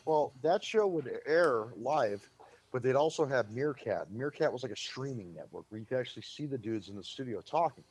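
A man, a publicist, telling show-business stories in a lively, casual way on a podcast and acting out what people said. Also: medium pitch, moderate pace, slightly rough. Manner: lively anecdote-teller, acts out quotes.

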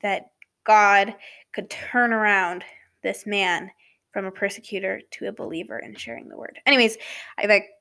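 A woman hosting a casual faith talk, rambling with asides and self-corrections, sometimes dropping to a soft whisper. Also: mid-range voice, fairly even intonation, normal speed, gravelly. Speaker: podcast host.

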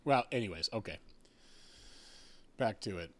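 A man's voice: fairly low pitch, lively intonation, a little slow. A man hosting a casual podcast chat outdoors at night, telling rambling, profanity-laced stories. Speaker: podcast host.

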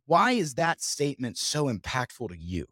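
A man's voice: medium pitch, huge pitch swings, normal speed, pushed and bright, breathy edge, no echo, studio quality. A man hosting a podcast, talking casually with a rambling, filler-heavy manner. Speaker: podcast host. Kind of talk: casual chat.

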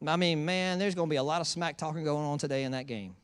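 A pastor preaches a sermon in church, telling stories in an animated way and teasing playfully. His voice is a little high and fast, with a clean tone and a dry recording.

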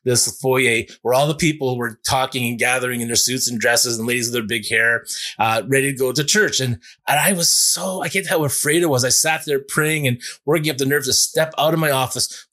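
A male pastor preaching in an earnest, conversational way as he tells a personal story. His voice sits in a middle pitch, and he often restarts his phrases as he goes. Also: a bit bright. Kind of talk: sermon storytelling.

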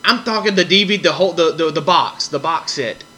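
A man's voice: fairly high pitch, fairly quick, bright, forceful tone, poor audio. A man hosting a podcast, telling a long story in a rambling, casual way, repeating himself and acting out other people's lines. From American South. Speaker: podcast host.

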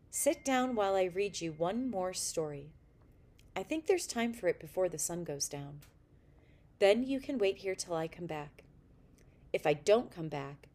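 A kindly old storyteller, as a woman reads him aloud from a storybook, patient and soothing. His voice sits a little low, with a fairly even, unhurried delivery. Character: kindly old male storyteller, hopeful and gentle.

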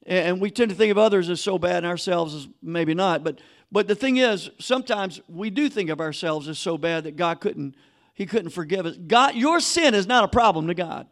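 A man preaching a sermon as pastor, emphatic, dropping to a hush and rising again. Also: high voice, brisk. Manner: emphatic preaching, drops to a hushed voice then rises.

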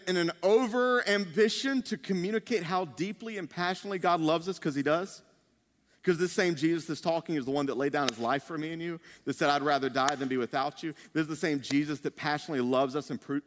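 A male pastor preaching a sermon in a humorous, conversational way, with playful asides. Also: on the high side. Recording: long reverb of a large hall.

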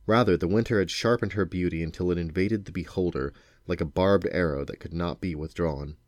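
A deep-voiced father reads a novel aloud to his children, narrating steadily and without hurry. The recording is dry, without room echo.

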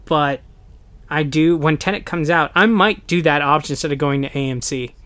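A young American man chatting casually on a podcast, animated and quick to slip into playful voices. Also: a little high, smooth, no echo. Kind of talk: casual chat.

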